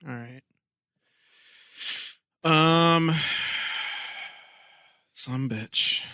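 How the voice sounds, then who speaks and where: A man co-hosting a casual podcast, sick on cold medicine, joking crudely and rambling in drawn-out phrases. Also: medium pitch, pushed and bright, smooth, dry recording, clean studio sound. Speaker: podcast co-host.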